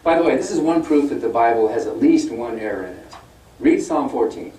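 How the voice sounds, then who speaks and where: An older man gives a chatty guest lecture full of fillers and stories. His voice is mellow and low-key. He sounds distant from the mic, in a roomy, echoing hall. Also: a little fast, a little hiss or hum. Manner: conversational storytelling, with many fillers; mimics opponents in a raised, mocking voice. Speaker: guest speaker. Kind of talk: public lecture. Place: lecture room at a university event.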